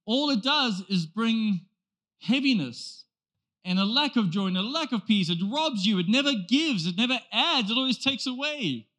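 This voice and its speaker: A man's voice: very high-pitched, expressive, moderate pace, sharp tone. A male pastor preaching a sermon in an emphatic, rhetorical way, often repeating phrases for effect.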